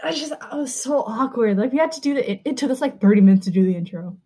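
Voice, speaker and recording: A woman's voice: on the high side, expressive, fast talker, dark tone, slightly rough. A young adult woman hosting a podcast, telling a personal story in casual, rambling chat with lots of "like.". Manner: rambling, heavy use of "like". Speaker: podcast host.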